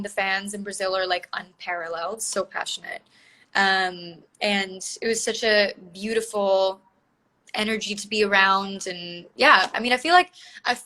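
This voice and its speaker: Young woman on a live stream call, bright voice, rambly and chatty with lots of likes and ums. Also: medium pitch, rough recording. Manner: chatty, lots of filler words. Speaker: interview guest. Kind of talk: casual video-call interview. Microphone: phone or video call.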